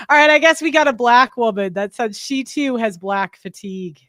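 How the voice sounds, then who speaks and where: A woman's voice: on the high side, expressive, moderate pace, a bit bright, dry recording. A young woman hosting a casual reaction commentary, laughing often between remarks. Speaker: host reacting to clips.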